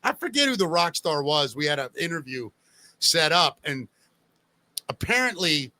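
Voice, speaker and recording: A man's voice: fairly high pitch, normal speed. A man, a radio host, telling stories in a casual chat and acting out the voices of the people he quotes. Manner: animated storyteller, acts out quoted voices.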